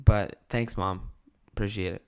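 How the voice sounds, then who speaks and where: A young man hosting his podcast solo, telling a childhood story with lively swearing and acted-out quotes. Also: on the low side, unhurried, clean tone. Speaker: podcast host and comedian.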